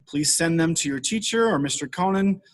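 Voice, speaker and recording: A man's voice: on the high side, expressive, normal speed, poor audio. Upbeat man giving school announcements.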